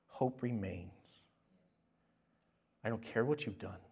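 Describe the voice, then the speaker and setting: A male pastor preaching a sermon, swinging from loud, exclaimed lines to quiet, intimate speech. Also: on the low side, takes it slowly, gravelly, husky.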